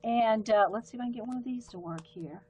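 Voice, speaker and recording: A woman's voice: fairly high pitch, fast, darkish tone, a little hiss or hum, poor audio. Chatty Southern woman rambling about pens. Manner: chatty and rambling, with frequent ums and self-interruptions. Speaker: live-stream art host. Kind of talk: casual livestream chat.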